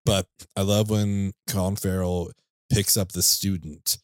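A man's voice: sits low, little pitch movement, unhurried, no echo, studio quality. A man co-hosting a casual podcast, laughing as he retells a favorite film scene and quotes the characters. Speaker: podcast co-host. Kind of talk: casual chat about a film.

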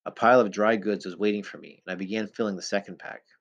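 A man reading a first-person novel aloud, steady storytelling with an occasional stumble on a word. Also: on the low side, fast talker, lo-fi sound. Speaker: audiobook narrator.

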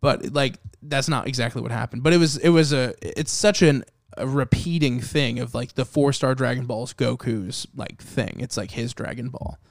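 Man, mid pitch, dry close sound, loose rambling delivery, swears freely. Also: moderate pace, creaky, dry recording. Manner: rambling, profane, lots of "like". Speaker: podcast co-host. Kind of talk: casual chat.

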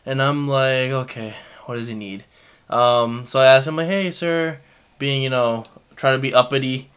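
A young man in his twenties telling a story in casual chat, animated and laughing often. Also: medium pitch, normal speed, smooth.

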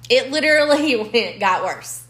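A woman's voice: on the high side, expressive, normal speed, fairly bright tone. A young woman, telling a dating story bluntly in casual podcast chat and swearing freely. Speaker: podcast co-host. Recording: echoey room.

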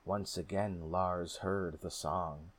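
Low, husky male storyteller. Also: steady tone, takes it slowly. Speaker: narrator. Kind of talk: storybook reading.

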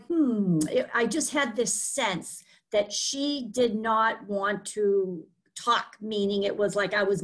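A woman's voice: fairly high pitch, fairly bright tone. A woman with a Boston accent, an author being interviewed, explaining earnestly with many fillers. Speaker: author guest. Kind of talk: interview conversation.

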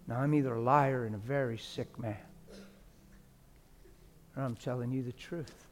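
A man preaching a sermon, dropping to hushed whispers and rising to loud, emotional exclamations. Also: medium pitch, steady tone, moderate pace, pauses often, a little hiss or hum. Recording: long hall reverb with faint music.

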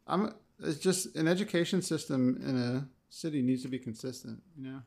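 A man co-hosting a casual podcast chat, making goofy deadpan jokes. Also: medium pitch, moderate pace, gravelly. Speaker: podcast co-host.

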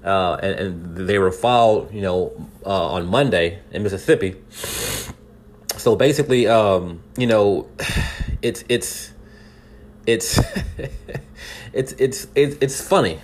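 Guy from california riffing on the news, lowish voice, keeps asking the listener questions, trips over his words a lot. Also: slow pace, slight background noise. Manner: earnest, rhetorical questions aimed at the listener; stumbling restarts and repeated words. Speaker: podcast commentator. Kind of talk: casual commentary on news.

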